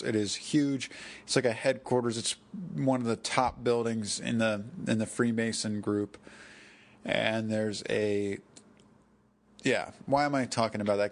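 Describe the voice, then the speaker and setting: A man hosting a solo podcast, talking in a rambling, digressive way, correcting himself and drifting off topic. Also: on the low side. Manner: digressive, self-correcting, chuckling asides. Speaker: podcast host.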